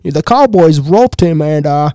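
A man's voice: on the high side, expressive, a little slow, mellow, dry recording, clean studio sound, voice pushed up. A man putting on a smug small-town mayor. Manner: condescending, offhand.

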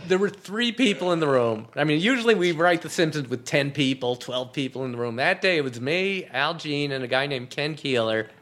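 In an apartment interview, this male TV comedy writer spins casual anecdotes, performing the dialogue he quotes and laughing frequently. His voice runs on the high side and fairly bright, animated and brisk with hardly any pauses.

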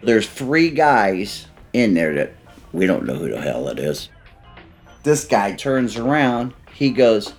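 A man recounting old mob stories in a profane, animated way, acting out what people said. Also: slow, faint music behind. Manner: profane, acts out quotes with big swings in pitch. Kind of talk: animated storytelling.

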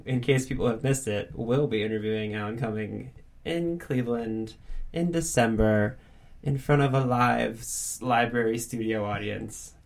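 A man's voice: mid-range voice, moderate pace, creaky. Playful, teasing man podcaster. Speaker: podcast co-host. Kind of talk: casual chat.

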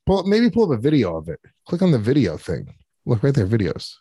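A man's voice: medium pitch, huge pitch swings, fast talker, warm tone, husky, dry recording. A man co-hosting a podcast, talking in crude, boisterous, profanity-heavy banter from a studio mic. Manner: profane, boisterous, swears constantly. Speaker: podcast co-host.

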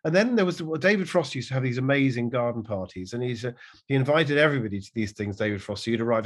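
A man in casual conversation, an animated storyteller who keeps slipping into voices as he tells anecdotes. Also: medium pitch, fast talker. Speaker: guest, impressionist.

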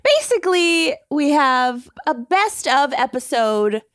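A woman's voice: high-pitched, big pitch swings, takes it slowly, a bit bright, no room sound, clean studio sound. A woman co-hosting a podcast in casual chat, giggling and playful. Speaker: podcast co-host.

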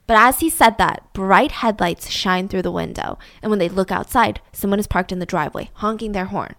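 A woman telling a story in a casual, animated way with wry asides. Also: mid-range voice, a little fast.

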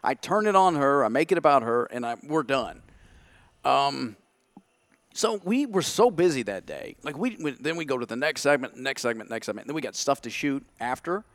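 Animated man recounting events. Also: medium pitch, moderate pace, dry recording. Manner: animated, acts out his own past thoughts in quotes. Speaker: podcast guest. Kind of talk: candid conversational storytelling.

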